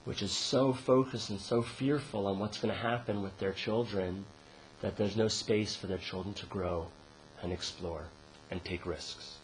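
A man's voice: fairly even intonation, measured pace, slight background noise, low-quality recording. Man giving a casual dharma talk. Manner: conversational, frequent "right?" tag questions; laughs and rises in pitch when telling a joke.

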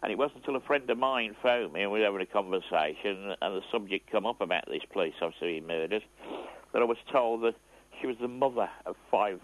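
An older man calling a radio phone-in, emotional and halting, clearing his throat. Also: on the low side, expressive. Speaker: caller. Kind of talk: phone-in call. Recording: tinny phone line.

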